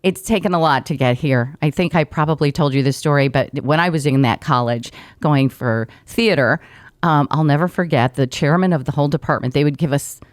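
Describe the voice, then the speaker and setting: Middle-aged woman, radio pro, low voice, close dry studio mic, warm anecdotal guest. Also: a little fast, no room sound. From Brazil. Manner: warm, storytelling, laughs often, trained radio delivery. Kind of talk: casual interview chat.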